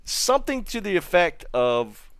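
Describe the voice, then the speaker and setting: A man's voice: sits high, very animated, unhurried, clean tone, dry recording. Rambling American man telling a story. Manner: rambling, full of restarts and asides to chat. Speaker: gaming streamer. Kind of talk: casual storytelling while streaming.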